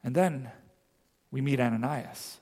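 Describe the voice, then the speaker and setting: A male pastor telling a Bible story in a sermon, slowing down and pausing for emphasis. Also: medium pitch, dark tone, big-room sound. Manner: storytelling, with slow emphatic pauses.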